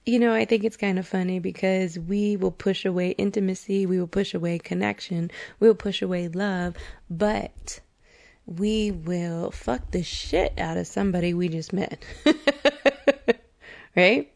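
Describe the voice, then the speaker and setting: A woman in her forties talks into her podcast mic in a confessional monologue. She speaks slowly and deliberately, and her voice carries a gravelly fry. She is earnest and candid, frank and a little profane, and she laughs easily. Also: mid-range voice, darkish tone. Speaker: podcast host.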